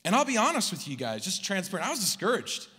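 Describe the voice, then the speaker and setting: A young adult man from Southern California preaching a sermon as a pastor, telling a story with animated, emphatic peaks. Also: sits high, fast talker, husky. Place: large church hall. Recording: long hall reverb.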